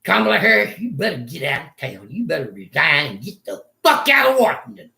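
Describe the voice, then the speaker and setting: A man's voice: a little high, very animated, brisk, vocal fry, bright, forceful tone, reverberant. An older man, ranting angrily and profanely in a rambling vlog monologue from a room in a retirement home. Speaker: vlogger.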